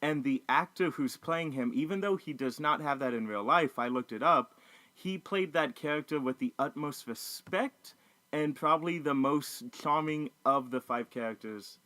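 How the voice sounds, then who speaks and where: A man's voice: fairly high pitch, no room sound. Man talking movies, dry close sound. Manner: animated, profane, mimics characters in quick asides. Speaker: co-host of a movie review. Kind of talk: casual review chat.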